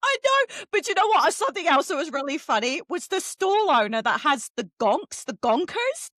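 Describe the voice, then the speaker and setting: Animated, sweary woman chatting. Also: sits high, normal speed, no room sound, studio quality. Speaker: podcast co-host. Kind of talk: casual book chat.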